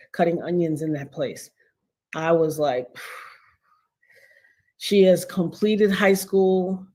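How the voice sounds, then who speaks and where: A middle-aged woman hosting a livestream, talking straight to her viewers in an animated, emphatic way, with slang and repeated phrases. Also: fairly low pitch. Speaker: livestream host. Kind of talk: casual livestream commentary.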